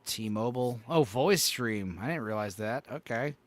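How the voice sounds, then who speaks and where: A man's voice: mid-range voice, expressive, measured pace, no echo. A man hosting a casual podcast chat, swearing freely and reacting offhand to what he's looking at. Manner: profane, offhand, reacting to logos. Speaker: podcast host.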